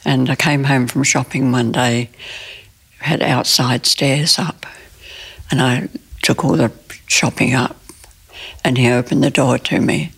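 A woman in her nineties recounting a personal story in an interview, in plain, halting speech with restarts. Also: a bass voice, steady tone, gravelly, husky. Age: 90s. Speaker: interview guest.

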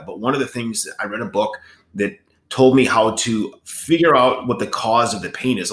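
A man speaks candidly and reflectively in a bright, somewhat low voice. He co-hosts a podcast, and the room around him is echoey. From Italian heritage. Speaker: podcast co-host. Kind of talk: casual conversation.

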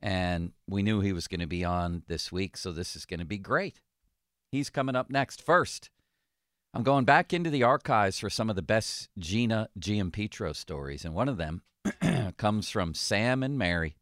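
A man hosting a sports radio talk show, chatting casually with jokes and reading ads in a relaxed, conversational way. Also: fairly low pitch, moderate pace, dry recording, studio quality.

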